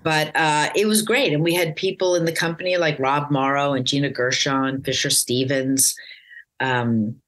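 Low-voiced woman telling career stories. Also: fairly even intonation, normal speed. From United States. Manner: rambling, warm storytelling with many fillers and restarts. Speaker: actress guest. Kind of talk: casual interview chat.

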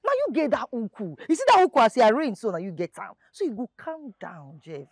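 A smooth-talking Nigerian matchmaker in a film drama, soothing and coaxing with lots of repetition. Her voice swings lively up and down. The sound is dry and close. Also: a little high, quick pace, dry recording, exaggerated voice. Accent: Nigerian Pidgin.

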